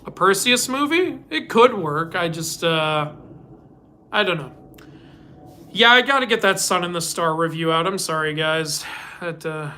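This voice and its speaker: A man chats his way through a casual live-stream Q&A. His voice is bright and forward. He rambles through his answers and laughs often. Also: high voice, a little hiss or hum. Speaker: host.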